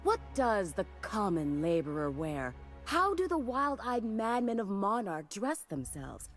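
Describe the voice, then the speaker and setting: A woman's voice: medium pitch, sing-song, a little slow, soft background music. A woman voicing a flamboyant fashion designer in a video game, theatrical and doting, full of endearments. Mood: grandiose. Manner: grandiose, theatrical, showering people with endearments. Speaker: game character.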